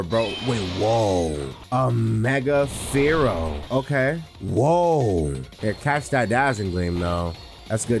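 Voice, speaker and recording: A young man hosting a let's play, commenting in a hyped, slangy way and calling the viewer bro. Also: on the low side. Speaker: gaming video host.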